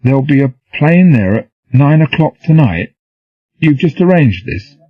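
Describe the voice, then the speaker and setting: Man reading an uneasy dazed young soldier, husky, dull dry lo-fi audiobook sound. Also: low-pitched, fairly quick, no echo, full character voice. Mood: astonished. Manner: dazed, unsure.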